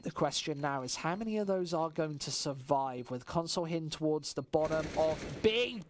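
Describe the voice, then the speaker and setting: A woman from the West Midlands calls a match with her own local accent. She chats loosely with viewers between rounds. She bursts into loud excitement whenever a big play happens. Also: fairly low pitch, normal speed, hardly any pauses, slight background noise. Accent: West Midlands English. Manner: swings from relaxed chat-reading to shouting excitement at big plays. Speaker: esports caster. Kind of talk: solo play-by-play commentary on a stream.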